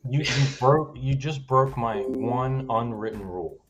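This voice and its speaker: A man's voice: mid-range voice, measured pace, faint music behind. A man co-hosting a podcast, chatting casually with dry jokes. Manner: dry joking. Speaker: podcast co-host. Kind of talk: casual chat.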